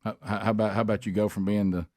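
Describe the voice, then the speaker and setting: A middle-aged man, a radio talk show host telling a long story and acting out the people he quotes with sudden high shouts. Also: flat delivery, very fast, no room sound, studio quality. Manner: rambling storyteller who acts out quotes with big high shouts.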